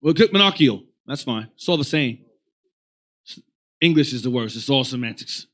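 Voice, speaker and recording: A man teaching a casual religious class, talking in an animated, rambling way and telling a reader what to look up. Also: medium pitch, normal speed.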